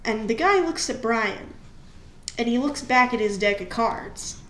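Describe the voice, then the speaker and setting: A woman's voice: fairly high pitch, animated, measured pace. A woman hosting a casual storytime while coloring, chatty and rambling, often correcting herself mid-sentence. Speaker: channel host. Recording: roomy echo with faint hiss.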